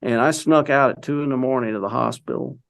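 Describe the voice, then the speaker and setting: An older man with a gravelly edge sits as an interview guest, spinning a long personal story. He talks loosely and rambles, circling back with "you know" and restarting his thoughts, at an ordinary middle pitch. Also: a little fast. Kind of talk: conversational storytelling.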